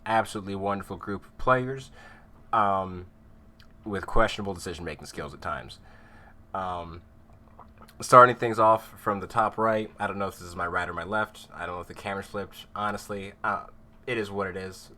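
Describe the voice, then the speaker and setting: Bright-voiced young game master, teasing. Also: male voice, lowish voice, normal speed, slight background noise. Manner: rambling, teasing, drops his voice for asides. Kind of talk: casual, joking intro to a live tabletop stream.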